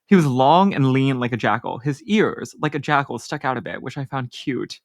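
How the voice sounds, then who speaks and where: A woman's voice: a bass voice, expressive, normal speed, gravelly. A woman co-hosting a book podcast in casual chat, talking animatedly with lots of fillers and laughs, and sometimes reading passages aloud. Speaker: podcast co-host.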